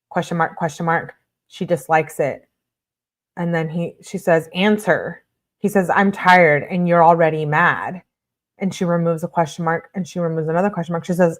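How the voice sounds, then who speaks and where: A woman's voice: fairly low pitch, steady tone, moderate pace. A woman reading a couple's text messages aloud and adding her own blunt, swearing commentary. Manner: blunt, judgmental, swears casually. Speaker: true-crime commentator.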